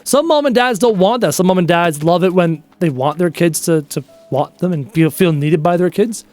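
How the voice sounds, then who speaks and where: A man in his thirties with a fairly high voice talks to his stream chat in a loose, chatty way. He tells stories with animated energy and picks up viewer questions as they come. Soft music sits faintly under his voice. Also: moderate pace. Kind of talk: casual live-stream chat.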